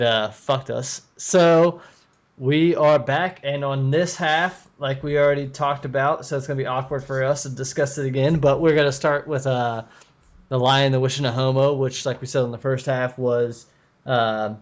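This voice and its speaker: Guy hosting a podcast, loose profane chat, muffled lo-fi sound. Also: medium pitch. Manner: loose, profane, quick to laugh. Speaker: podcast host. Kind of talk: casual podcast banter.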